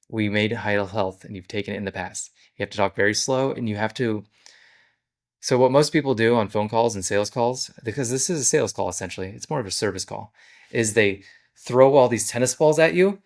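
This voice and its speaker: A low-voiced man, talking fairly quickly, explains his business in a casual vlog. As the owner, he walks through the steps plainly and conversationally.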